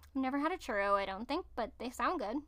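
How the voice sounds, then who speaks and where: Bright, chatty woman reading aloud. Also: a little high, animated, fast talker. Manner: chatty, stumbles and self-corrects while reading. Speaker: host reading and commenting. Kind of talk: casual commentary reading from screen.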